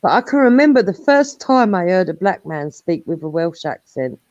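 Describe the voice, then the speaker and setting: Casting note: low-ish female panelist, blunt, lively pitch, dry lo-fi sound. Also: moderate pace, dry recording. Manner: blunt, swears freely, laughs. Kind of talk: casual panel chat.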